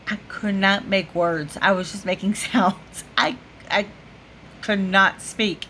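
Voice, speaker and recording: A woman's voice: mid-range voice, slow, sharp tone, a little hiss or hum. A woman vlogger telling a story to the camera in a casual way, laughing often and full of fillers. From United States.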